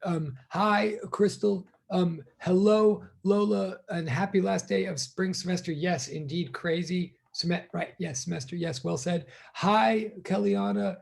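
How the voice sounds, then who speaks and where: A middle-aged male college teacher greets his students one at a time on a video call, chatting casually and rambling as he goes. His voice is high-pitched and gravelly, with a steady tone, an unhurried pace, and hardly any pauses.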